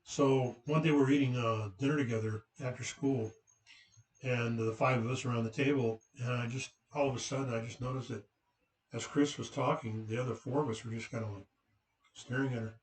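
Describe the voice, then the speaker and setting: Rambling dad telling a story. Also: male voice, mid-range voice, steady tone, a little fast. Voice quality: rambling, with many fillers and restarts. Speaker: father recounting family memories. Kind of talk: casual anecdotal storytelling. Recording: roomy, from a distant mic.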